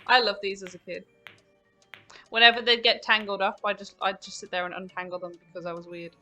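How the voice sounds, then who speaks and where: A woman's voice: medium pitch, steady tone, normal speed, pauses often, sharp tone, faint music behind. A woman streamer giving giggly, rambling let's-play commentary over a mystery game.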